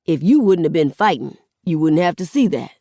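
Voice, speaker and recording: A woman's voice: sits low, very animated, brisk, dark tone, dry recording. A woman voicing an affectionate, street-wise middle-aged father who talks in a laid-back, slangy drawl.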